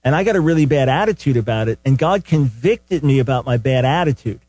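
Older man, call-in radio host, mid-pitched, earnest, restarts his sentences, dry booth mic. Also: expressive, brisk, a little mellow, no echo. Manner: earnest, conversational, repeats words when starting sentences. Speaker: radio talk show host. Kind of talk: call-in radio Bible teaching. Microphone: studio microphone.

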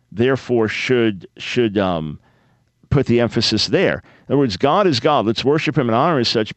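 A man's voice: medium pitch, no echo. A man hosting a radio call-in show, putting earnest, probing questions to callers with frequent restarts.

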